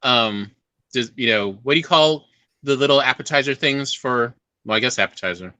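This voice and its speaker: A woman chats casually as a podcast co-host, often pausing to hunt for the right word. Her tone is bright and forward. It is recorded dry and close. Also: a bass voice, no room sound. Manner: hesitant, searching for words. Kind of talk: casual chat.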